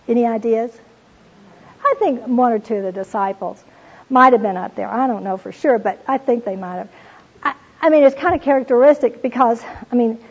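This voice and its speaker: Woman, Bible teacher, earnest storytelling, slightly high pitch, dull lo-fi recording. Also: a little mellow, breathy edge. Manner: earnest storytelling, reads scripture aloud, addresses listeners as "you all". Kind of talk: devotional teaching talk.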